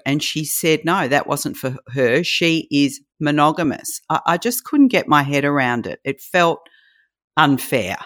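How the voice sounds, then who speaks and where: A woman's voice: low voice, lively intonation, a little slow, fairly bright tone. A middle-aged woman, the host's mother, telling stories in a dry, wry way. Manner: dry storytelling, wry asides. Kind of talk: casual chat.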